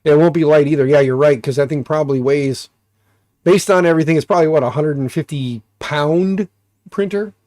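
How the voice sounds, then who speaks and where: A man's voice: fairly high pitch, a little fast, dark tone, no room sound, studio quality. Stuffy-nosed American man chatting on stream. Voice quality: nasal, stuffy. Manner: rambling, joking, many fillers. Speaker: livestream host. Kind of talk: casual live-stream chat.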